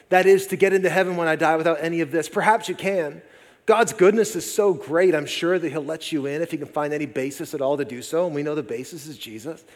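A man in his forties preaching a sermon as pastor, lively and conversational with jokey asides. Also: sits high. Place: church sanctuary. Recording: long reverb of a large hall.

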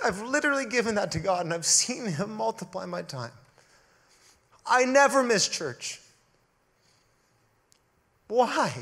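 Male pastor, high voice, sermon delivery, punchy emphasis with soft drops. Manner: emphatic preaching, swelling and dropping to a hush.

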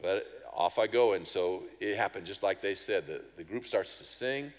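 A man's voice: deep voice, moderate pace, long reverb tail. A middle-aged man, a pastor, telling a personal story in a sermon, acting out voices and sounds with self-deprecating humor.

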